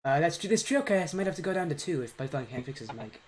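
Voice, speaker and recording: A man's voice: fairly high pitch, sing-song, fast talker, a crowd in the background. Upbeat joking man casting esports. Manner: upbeat, joking, self-mocking. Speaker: esports caster and host. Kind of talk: live game commentary on a stream.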